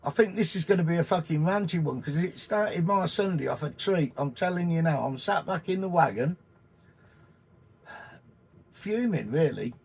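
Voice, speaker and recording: A man in his sixties, from England, ranting in a casual vlog, blunt and full of swearing, with a husky voice. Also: on the high side, expressive, moderate pace, a little mellow. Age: 60s. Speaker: vanlife vlogger. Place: in and around a camper van, partly outdoors.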